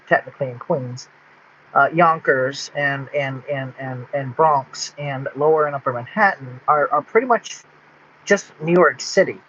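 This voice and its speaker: A man's voice: on the high side, sharp tone, a little hiss or hum. A man from Texas rambling in a casual vlog monologue, full of restarts and fillers. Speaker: vlogger. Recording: dull lo-fi sound.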